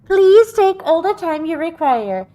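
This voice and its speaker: An actress voicing a polished female museum guide who hosts a quiz, speaking in a formal, measured and courteous way. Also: very high voice, very animated, dark tone, heavily acted, rough recording. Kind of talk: video game voice acting.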